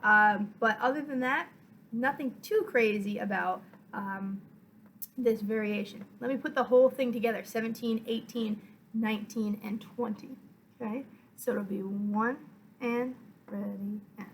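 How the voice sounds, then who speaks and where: A woman violin teacher giving a patient, step-by-step lesson, counting beats aloud and filling pauses with "uh" and "um". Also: a little high, a little hiss or hum, poor audio. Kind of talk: online music lesson.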